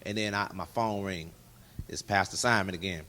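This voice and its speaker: A man, a guest in a candid interview, telling his personal testimony and acting out dialogue in lively voices. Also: sits low, normal speed, slight background noise. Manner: animated storyteller who acts out dialogue in other voices.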